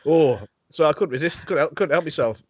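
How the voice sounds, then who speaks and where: A man's voice: a little high, a little fast, no echo. A man hosting a podcast, chatting casually over a video call, swearing a lot, laughing often and rambling through stories. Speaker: podcast host. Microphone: video call headset or desk mic. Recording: dull lo-fi video call audio.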